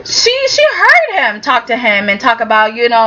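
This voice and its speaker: A woman giving a chatty, animated vlog recap, often tagging her sentences with "okay?". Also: on the high side, normal speed, few pauses, lo-fi sound. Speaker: soap opera reviewer.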